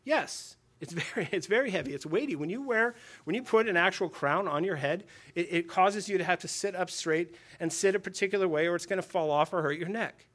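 A man delivers a sermon to a gathering of men in a slightly high voice. He preaches in a casual, talking way, asks rhetorical questions and says key lines twice. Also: a little fast, a bit bright. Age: adult with a daughter and wife. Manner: conversational preaching with rhetorical questions and repeated phrases. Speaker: pastor.

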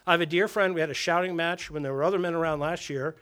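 A man's voice: a little high, fairly even intonation, fast, fairly bright tone. A man preaching to a group of men, conversational, with rhetorical questions and phrases said twice. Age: adult with a daughter and wife. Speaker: pastor. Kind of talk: sermon to a men's gathering.

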